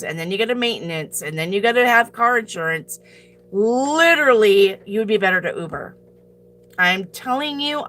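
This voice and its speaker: A woman's voice: medium pitch, pushed and bright. A woman reading tarot on a live stream, talking bluntly and profanely as she answers her chat and hands out tough advice.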